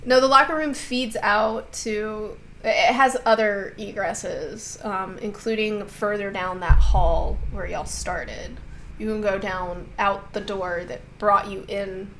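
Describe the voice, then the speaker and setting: A woman's voice: medium pitch, fairly even intonation, slow pace, a bit bright, slight background noise, low-quality recording. A woman narrating a tabletop game as game master in a playful storytelling way.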